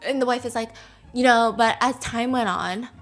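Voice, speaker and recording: A woman's voice: a little high, normal speed, faint music behind. A woman in her thirties hosting a casual chat, telling a story with lots of laughter and acted-out quotes. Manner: animated, laughs often, acts out quotes. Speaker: podcast host.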